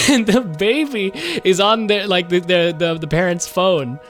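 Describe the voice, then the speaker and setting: A man in his twenties giving casual livestream commentary while gaming, animated and rambling, quick to launch into a rant. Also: high voice, soft background music. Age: 20s. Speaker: streamer.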